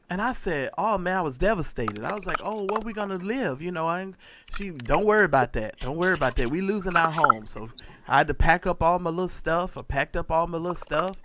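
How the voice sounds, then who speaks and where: High-voiced animated man telling stories. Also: background noise. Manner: animated, profane, talks straight to listeners. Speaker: show co-host. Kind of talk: casual storytelling chat.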